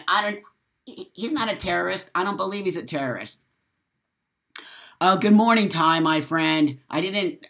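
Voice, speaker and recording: With a sharp tone and a voice on the high side, a man hosts a casual stream, answering viewer comments heatedly and emphatically. He swears freely, talks straight to his viewers, and is over-caffeinated after sleeping badly.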